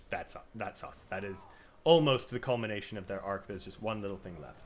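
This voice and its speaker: This podcast co-host has a fairly low-pitched male voice and talks at a normal speed. Cursing without restraint, he animates the story with gusto and performs each scene as he goes on their relaxed gaming show.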